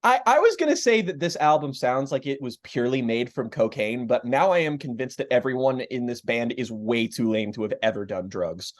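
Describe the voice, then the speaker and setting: Animated joking male podcast co-host, quick quips. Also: medium pitch. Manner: quippy, groaning reactions. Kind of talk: casual album review chat.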